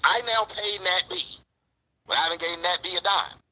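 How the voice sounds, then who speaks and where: A man's voice: sits high, expressive, a little fast, sharp tone, rough recording. A man ranting to his viewers in a heated, profane, mocking way, speaking straight to the audience. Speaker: commentary vlogger. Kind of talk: ranting commentary.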